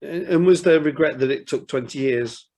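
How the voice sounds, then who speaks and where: A man's voice: a little high, moderate pace, warm tone. Podcast host guy, chatty and keen, trips over his words a bit. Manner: eager, chatty, stumbling restarts. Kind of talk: interview questions.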